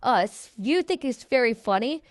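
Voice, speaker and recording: A woman's voice: on the high side, lively intonation, normal speed, dry recording, studio quality, natural voice. A woman voicing a bratty young male troll who sneers and taunts, told as a fan story. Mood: sneering.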